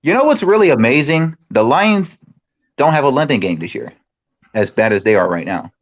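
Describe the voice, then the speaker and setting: A man's voice: medium pitch, sing-song, moderate pace, lo-fi sound. A man on a sports podcast panel, joking and teasing, saying "bro" a lot. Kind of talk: casual podcast chat.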